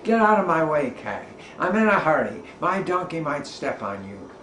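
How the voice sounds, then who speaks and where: A man playing an impatient man who shouts at a cat while hauling his donkey along, recorded in an echoing room. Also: on the high side, sing-song. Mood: angry. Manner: shouting, hurried. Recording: roomy echo, faint background noise.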